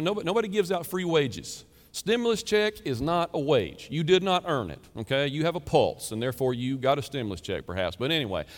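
Emphatic preacher man in a reverberant hall. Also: on the high side. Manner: emphatic, conversational preaching with rhetorical questions. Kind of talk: sermon.

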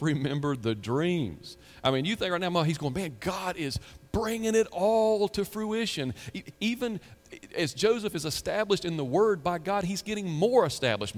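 A man's voice: fairly high pitch, in a large hall. A middle-aged man, a pastor, preaching a sermon in a conversational way, asking the listeners questions and breaking off into asides.

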